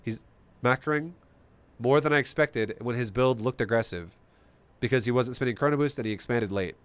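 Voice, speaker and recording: A man streaming a strategy game, explaining his play in an animated, swearing, rhetorical way. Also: mid-range voice, moderate pace, smooth, no room sound. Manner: animated, profane, rhetorical questions. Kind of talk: live-stream commentary.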